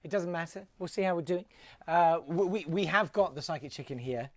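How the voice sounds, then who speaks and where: A man's voice: on the high side, brisk, dry recording. A man hosting a live comedy web show, rambling and self-mocking with mock-grand outbursts.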